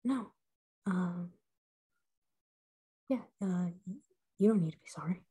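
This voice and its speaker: A woman playing a dejected young man, husky. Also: lowish voice, dark tone, exaggerated voice. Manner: halting, self-deprecating.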